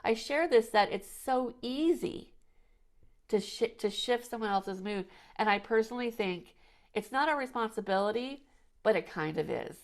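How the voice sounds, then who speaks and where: A woman's voice: fairly high pitch, animated, normal speed. A woman hosting a podcast, chatting casually and telling rambling stories with frequent restarts and "you know"s. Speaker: podcast host. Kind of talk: casual conversational chat.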